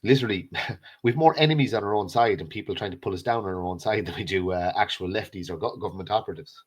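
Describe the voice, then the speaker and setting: A man's voice: fairly low pitch, fast talker, husky. An Irish man co-hosting a live show, ranting angrily with blunt, profane slogans. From Ireland. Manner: furious, blunt and profane, repeating short slogans. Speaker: co-host. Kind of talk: angry political rant on a live stream.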